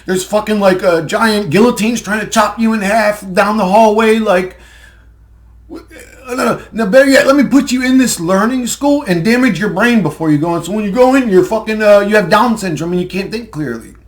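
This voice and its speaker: Heated, profane high-voiced man ranting. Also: fairly quick. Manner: heated, profane, sarcastic, laughs mid-sentence. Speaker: conspiracy video ranter.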